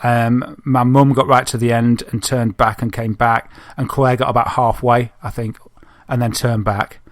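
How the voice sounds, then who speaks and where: A man, co-hosting a podcast and telling an animated story, laughing often. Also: mid-range voice, moderate pace, no room sound, studio quality. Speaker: podcast co-host. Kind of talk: casual chat, telling an anecdote.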